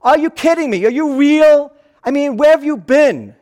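A man's voice: very high voice, voice pushed up. A man preaching, voicing an ancient male disciple who fires off disbelieving questions in exasperation. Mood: incredulous. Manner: rapid-fire disbelieving questions.

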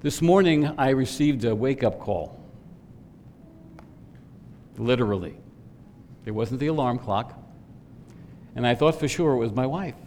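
A middle-aged male pastor delivers a sermon with earnest conviction, lifting his voice on questions to the congregation. His voice sits at an ordinary pitch. The sound carries the long reverb of a church sanctuary, with a faint low rumble beneath. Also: lively intonation, unhurried, long pauses, darkish tone.

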